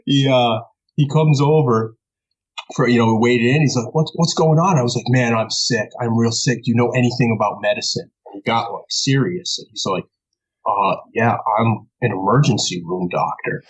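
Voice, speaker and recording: A man from New York, a podcast guest, telling a story in a casual, animated way, laughing often and swearing freely. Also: medium pitch, normal speed, rough recording.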